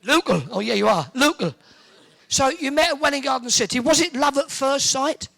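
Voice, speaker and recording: A man hosts a live event from an indoor hall, teasing audience members and firing off quick jokes. His voice sits very high, with a bright edge and a gravelly rasp underneath. He sounds like a seasoned compère working the room. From Hertfordshire, England. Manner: joking, teasing, quick with quips. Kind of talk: cheeky audience banter.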